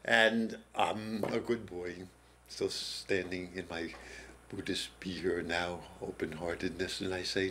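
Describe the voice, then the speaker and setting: Older man telling a slow, halting story. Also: low voice, flat delivery, pushed and bright, slight background noise. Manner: slow, halting, with pauses and restarts. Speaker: interview guest, former prison teacher. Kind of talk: reflective storytelling. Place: TV studio.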